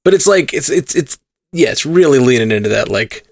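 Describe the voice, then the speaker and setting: Podcast co-host, man, gravelly voice, dry close sound, teasing banter. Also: medium pitch, animated, fairly quick, no echo. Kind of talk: casual chat.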